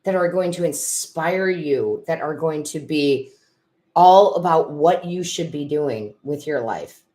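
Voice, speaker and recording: A middle-aged woman with a notably low voice hosts a casual live stream as a tarot reader. She talks to viewers by name, laughs easily and gets emotional. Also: takes it slowly, mellow.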